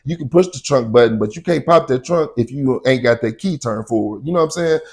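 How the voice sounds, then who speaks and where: A man casually telling a personal story in slang, often saying "you know what I'm saying" and loudly acting out shouted quotes. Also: medium pitch, expressive, fairly quick, husky.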